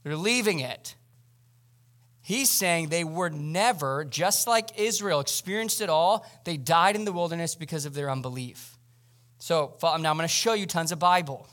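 A pastor with a notably high voice preaches in a relaxed, conversational way, often turning to address his listeners directly. He delivers his sermon from the pulpit of a church service. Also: moderate pace.

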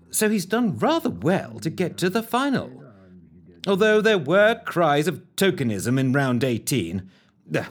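A man's voice: a little high, breathy edge. A man doing comic, bumbling commentary on a baking contest, full of wry asides.

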